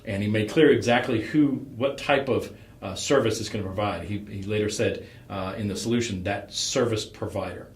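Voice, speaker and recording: Low-voiced man coaching a pitch. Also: normal speed, roomy sound. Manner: relaxed, rambling, with fillers. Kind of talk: conversational critique.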